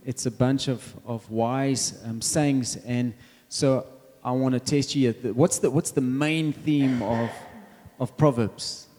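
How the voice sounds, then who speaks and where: A man's voice: medium pitch, fairly even intonation, slow, warm tone. A man with a South African accent preaching a conversational sermon, quizzing the congregation as he goes.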